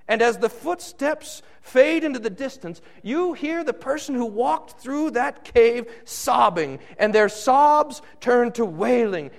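Slow, dramatic high-voiced male preacher. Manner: slow, dramatic preaching with wide swings in pitch and loudness. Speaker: pastor. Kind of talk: sermon.

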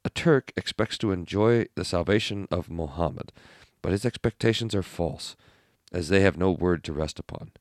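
A man reading aloud an old sermon text in a measured, earnest way. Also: low voice, darkish tone, dry recording, clean studio sound. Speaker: reader.

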